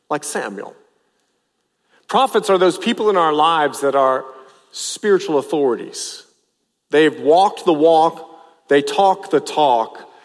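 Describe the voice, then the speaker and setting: A man's voice: fairly high pitch, big-room sound. A man preaching a sermon as pastor, emphatic and repetitive, stressing phrases over and over.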